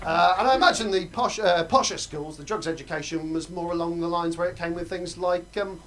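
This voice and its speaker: A young man doing a stand-up comedy set on a club stage, quick and self-mocking, breaking into loud put-on voices. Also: high-pitched. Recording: live room with audience laughter. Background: audience laughing.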